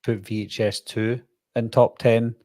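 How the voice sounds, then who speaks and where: A man's voice: mid-range voice, little pitch movement, normal speed, warm tone, no echo, studio quality. Welsh man, easygoing co-host. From Wales. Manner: easygoing, reads viewer comments aloud. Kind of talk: casual podcast chat.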